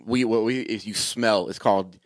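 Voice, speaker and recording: A man's voice: fairly low pitch, steady tone, normal speed. A man in casual podcast chat who rambles, restarts and mimics other people's voices.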